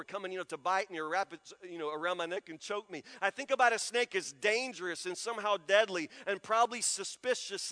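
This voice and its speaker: A male pastor delivers a sermon with a high, bright voice. He hammers key words through repetition, then lets them sink into soft, low emphasis. His voice rings with the long reverb of a church sanctuary.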